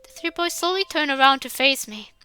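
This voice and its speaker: Woman, visual novel reading, expressive narration, high bright voice. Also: fairly quick, faint music behind. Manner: expressive first-person narration.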